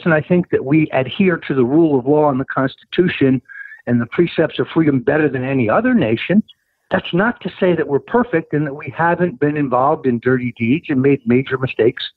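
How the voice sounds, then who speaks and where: A man's voice: husky, dry recording. Emphatic man on a tinny phone line. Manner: emphatic, combative, rising to insistent highs. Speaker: guest, political operative. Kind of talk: interview over the phone.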